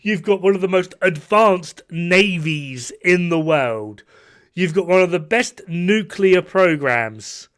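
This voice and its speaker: A man's voice: high-pitched, lively intonation, slow, fairly bright tone, clean tone. A young man streaming a game who talks in a rambling, casual way, swears a lot, and often restarts his sentences. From half Norwegian. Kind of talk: casual chat while gaming, reacting to chat.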